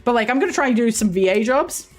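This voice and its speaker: A woman's voice: on the high side, animated, fast talker, faint music behind. A woman streamer chatting casually to her viewers, bubbly, rambling and giggly. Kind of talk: casual chat on a game stream.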